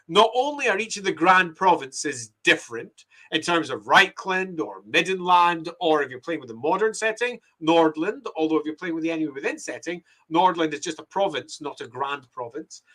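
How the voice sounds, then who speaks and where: A middle-aged Scottish man talks through his work in a relaxed, self-deprecating way, answering viewers as he goes. His voice is bright and sits a little high for a man, and he laughs easily at his own expense. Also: moderate pace, hardly any pauses. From Scotland. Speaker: game writer and streamer. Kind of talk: casual talk while mapping, reading viewer comments.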